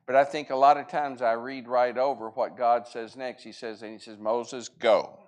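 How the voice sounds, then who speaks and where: A man's voice: mid-range voice, steady tone, normal speed. Man, Bible class teacher; earnest, conversational, acts out quoted lines as he retells scripture. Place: church classroom.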